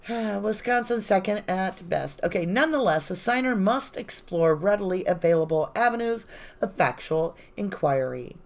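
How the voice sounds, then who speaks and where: A woman's voice: mid-range voice, expressive, normal speed, gravelly. A woman hosting a true-crime channel, reading court papers aloud live and breaking off into sarcastic, indignant asides. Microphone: phone.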